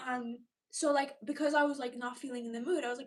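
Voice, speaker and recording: A woman's voice: high-pitched, fairly even intonation, fast, hardly any pauses. A young woman, chatting casually with viewers on a livestream. She rambles in a chatty way, fills her talk with "like" and laughs often. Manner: chatty and rambling, with many "like" fillers and frequent laughs. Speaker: livestream host.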